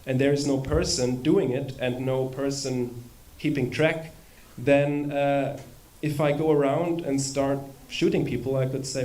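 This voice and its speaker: Man at mid pitch giving a chatty spiritual lecture in a temple, with asides and questions to the room. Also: fairly even intonation, unhurried, hardly any pauses, a little mellow. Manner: conversational, with humorous asides and rhetorical questions. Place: temple hall with a live audience.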